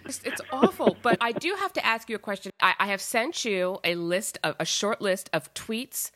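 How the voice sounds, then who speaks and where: A woman's voice: medium pitch, expressive, normal speed, fairly bright tone, slight background noise. A woman interviewer asking playful, teasing questions in a casual chat.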